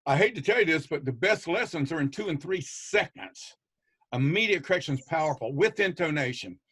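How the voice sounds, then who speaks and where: This is a man with a somewhat high voice making his case on an educators' panel. He is blunt and emphatic, with the odd swear word, and repeats key words for stress. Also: lively intonation, fairly quick, a bit bright, slightly rough. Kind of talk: passionate panel discussion.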